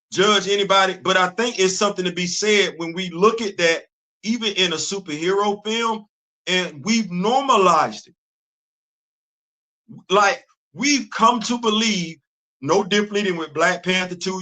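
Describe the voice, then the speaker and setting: High bright-voiced man hosting a stream. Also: normal speed. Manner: animated, rhetorical, laughing often. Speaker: host. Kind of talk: casual live-stream commentary.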